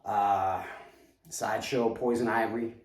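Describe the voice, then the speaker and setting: Male host with a New York accent, low voice, unhurried delivery, chatty unboxing patter, recorded off-mic in an echoey room. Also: steady tone, far from the mic. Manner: chatty, hypes his reveals, talks straight to viewers. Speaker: collectibles reviewer. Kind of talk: casual unboxing video.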